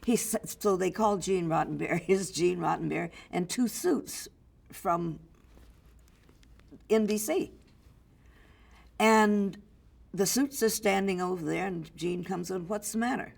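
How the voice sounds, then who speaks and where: Older actress, interview guest; slow, gravelly storyteller who mimics others. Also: female voice, lowish voice. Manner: lively storyteller, acts out others' voices. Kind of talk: anecdotal storytelling.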